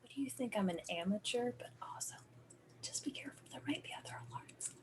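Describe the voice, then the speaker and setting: A woman's voice: fairly high pitch, expressive, quick pace, far from the mic, lightly acted. A woman voicing a nervous amateur female burglar in whispered role-play during a tabletop game. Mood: wary.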